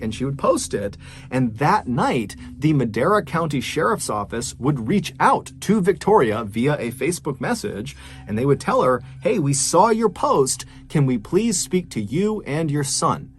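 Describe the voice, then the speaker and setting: Man, 30s, mystery storyteller, lively pitch, suspenseful, acts out quotes.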